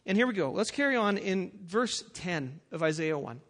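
Bright-voiced man preaching emphatically. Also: high voice, big pitch swings, normal speed, hardly any pauses. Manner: emphatic, building to forceful peaks. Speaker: pastor. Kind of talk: sermon with scripture reading.

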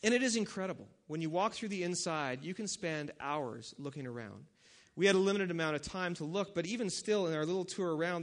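Conversational male preacher, slightly high voice. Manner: conversational, asks the audience questions, many fillers. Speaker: pastor. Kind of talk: sermon.

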